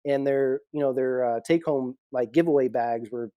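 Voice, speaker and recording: A man on a podcast, a security professional telling lively stories with frequent laughs. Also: mid-range voice, normal speed, dry recording, muffled recording. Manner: animated storyteller, laughs often. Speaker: executive protection guest. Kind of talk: casual storytelling interview.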